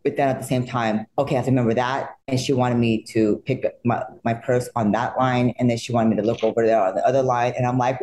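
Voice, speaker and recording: An actress telling stories in an interview, acting out quotes in a high excited voice and laughing often. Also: female voice, brisk, slight background noise. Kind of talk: animated interview storytelling.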